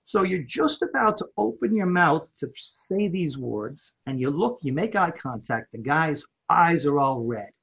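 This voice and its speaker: Husky, lively male interview guest. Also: fairly high pitch, measured pace, hardly any pauses. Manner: animated, repeats words while building a story. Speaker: guest, home improvement company owner. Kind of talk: storytelling in a podcast interview.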